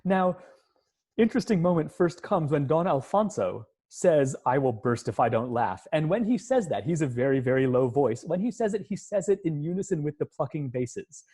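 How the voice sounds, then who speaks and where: A man's voice: a little high, expressive, moderate pace, warm tone, husky. A man, a music professor, giving an online lecture and explaining scenes step by step, at times humming the musical lines. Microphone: computer mic on a video call.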